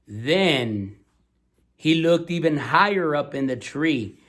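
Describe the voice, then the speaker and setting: A man's voice: fairly high pitch, animated, slow, fairly bright tone. Man reading a storybook aloud. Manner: asks listeners questions, patient and teacherly. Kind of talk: bilingual storybook read-aloud.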